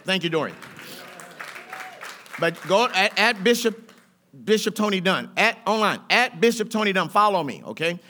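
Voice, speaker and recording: A middle-aged man preaches a sermon in a church, his voice pitched high and bright. He talks in a loose, colloquial rhythm that keeps building in fervor. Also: expressive, normal speed, long pauses, a faint crowd, a little hiss or hum. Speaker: pastor. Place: church sanctuary.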